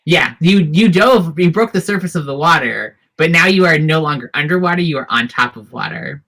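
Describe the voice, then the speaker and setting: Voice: mid-range voice, expressive, brisk, a bit bright. A game master narrating a tabletop role-playing scene in detail, with frequent fillers and restarts. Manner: descriptive, hesitant with fillers.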